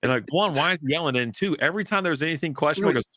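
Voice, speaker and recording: A man with a bright, forward voice, chatting loosely and swearing freely as he riffs on football. He drifts into mocking impressions of announcers. The sound is close and dry, with no room around it. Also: fairly high pitch, expressive, racing, few pauses, no room sound. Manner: loose, profane, mocking asides. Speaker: co-host. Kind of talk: casual chat.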